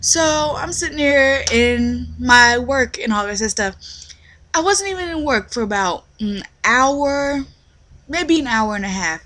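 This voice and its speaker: A young woman with a lively, slangy, profane storytelling manner, acting out quotes as she rants in a casual vlog. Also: high-pitched, a little slow. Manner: animated storytelling, acts out quotes. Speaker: retail worker.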